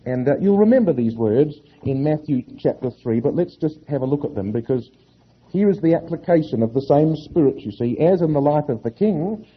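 A man preaching a sermon to a congregation, reading scripture slowly with heavy emphasis. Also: fairly high pitch, expressive, breathy edge, dull audio.

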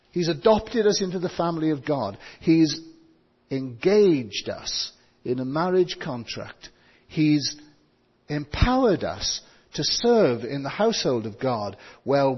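A man preaching a sermon, reading scripture and slowing down to stress key words. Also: a little high, slightly rough. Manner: stresses words, slows for emphasis. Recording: dull sound with long hall reverb.

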